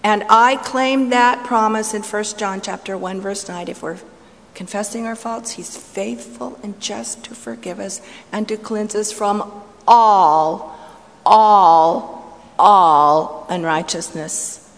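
A middle-aged woman giving a sermon-style personal testimony, storytelling with swings from playful to hushed and intense. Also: mid-range voice, fairly even intonation, measured pace. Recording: long hall reverb, faint ambience.

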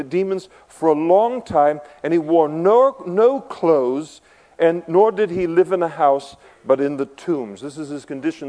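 A man preaching a sermon as a pastor, emphatic, with conversational asides, swinging between quiet and loud passages. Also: on the high side, poor audio.

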